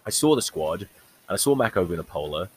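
A man's voice: low-pitched, very animated, a little fast. A man hosting a solo podcast, talking rugby in a blunt, sweary, rambling way, recorded on a crackly faulty mic. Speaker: podcast host. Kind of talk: casual solo rugby chat.

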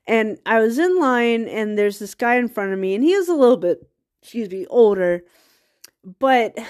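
A woman hosting a podcast, talking in a rambling casual monologue with laughing asides, a bit stuffy from a cold. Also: on the high side. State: has a cold, occasional coughs. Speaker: podcast host.

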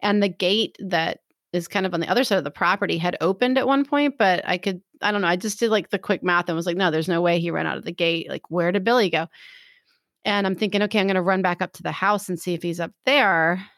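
A woman in casual chat, telling a story in an animated way and acting out what people said. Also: lowish voice, fast talker, no echo, studio quality. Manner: animated storytelling, acts out quotes.

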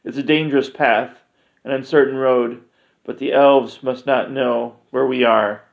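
A man voicing a male elf guide who speaks in a hurried, urgent way. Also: medium pitch, fairly even intonation, vocal fry. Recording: dull lo-fi recording.

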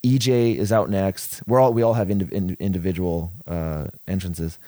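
A man's voice: low voice, fairly even intonation, moderate pace, dark tone, no echo. A man, a wrestler, telling a rambling, profane backstage story in casual podcast chat, full of restarts.

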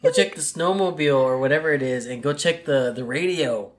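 Casual chat, laid-back, mid pitch, retells plot, casual swearing. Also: a little fast.

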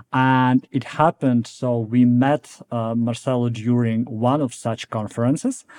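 Man, podcast co-host, chatty, laughs a lot, mellow voice. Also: mid-range voice. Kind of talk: podcast hosting.

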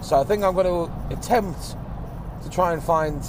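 Driving through traffic, a podcast host with a high-pitched voice speaks at a normal speed in a single unbroken take. His chat wanders and grumbles, peppered with casual swearing and a phlegmy cough, and road and car noise sit in the background.

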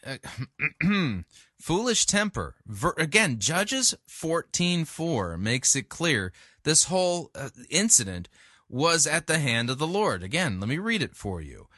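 A man breaks into a played sermon with measured corrections. He speaks slowly, and his pitch moves in a lively way. The recording is dry and close. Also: breathy edge, dry recording. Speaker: commentator.

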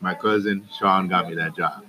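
A man co-hosting a casual podcast, animated and joking as he tells stories. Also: sits low, normal speed. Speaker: podcast co-host. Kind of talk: casual chat. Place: restaurant. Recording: noisy restaurant crowd. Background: crowd chatter.

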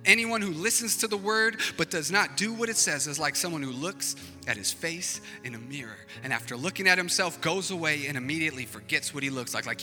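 A man's voice: on the high side, a little fast, hardly any pauses, bright, forceful tone, long reverb tail, faint music behind. A male pastor giving an impassioned sermon, his intensity rising and falling.

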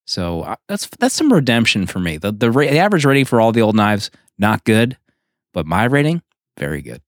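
Lively, playful male podcast co-host. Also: fairly low pitch, brisk, no echo, studio quality. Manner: playful, teasing, laughs often. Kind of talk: casual chat.

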